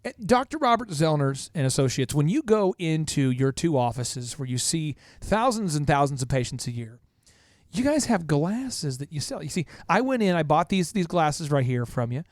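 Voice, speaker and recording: Male podcast host, high voice, very animated, energetic salesy storytelling, dry close sound. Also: normal speed, no room sound. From Minnesota. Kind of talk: business podcast banter.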